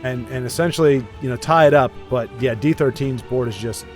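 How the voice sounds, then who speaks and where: A man's voice: medium pitch, brisk, soft background music. A man casually commentating a card game match, chatty and self-deprecating, rambling with frequent restarts.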